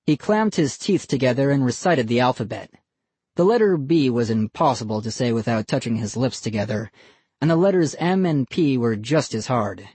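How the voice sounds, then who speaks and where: An expressive audiobook narrator reading a spooky children's story aloud and giving every character a voice. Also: medium pitch, moderate pace, breathy edge, no room sound. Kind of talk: scripted narration.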